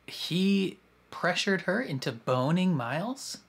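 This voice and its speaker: Lively, unhurried film reactor. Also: medium pitch, vocal fry, slightly rough. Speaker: movie reaction host. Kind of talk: casual reaction commentary. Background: film soundtrack playing faintly.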